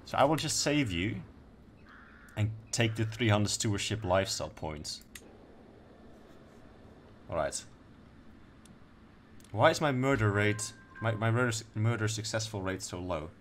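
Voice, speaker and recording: A man's voice: on the low side, lively intonation, a little slow, pauses often, a little hiss or hum. A young man doing casual let's-play commentary, laid-back, swearing now and then and reading game text aloud. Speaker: gaming streamer.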